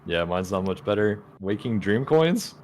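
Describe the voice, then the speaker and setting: A man's voice: on the low side, big pitch swings, moderate pace, darkish tone. A man playing in a casual podcast quiz, self-deprecating about his answers. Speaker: quiz contestant.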